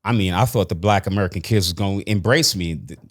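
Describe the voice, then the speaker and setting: Man, low-pitched voice, grew up in Jamaica and the Bronx, casual interview guest, animated storyteller, acts out quotes. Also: fast talker. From grew up in Jamaica and the Bronx, New York.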